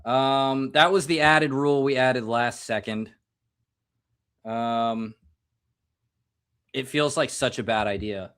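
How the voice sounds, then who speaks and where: A man's voice: mid-range voice, slow, long pauses, fairly bright tone, clean tone. An American man hosting a live stream, chatting casually and joking while drinking, rambling and self-mocking.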